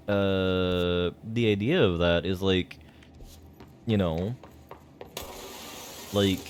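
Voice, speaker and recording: A man streaming a game, musing at length with lots of fillers. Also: fairly low pitch. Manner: rambling, filler-heavy. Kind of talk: casual live-stream commentary.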